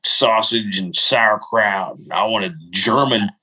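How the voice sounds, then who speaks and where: Middle-aged guy, lowish voice, rambly self-mocking storyteller, laughs a lot. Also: takes it slowly, sharp tone, husky. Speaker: podcast co-host. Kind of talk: casual storytelling chat.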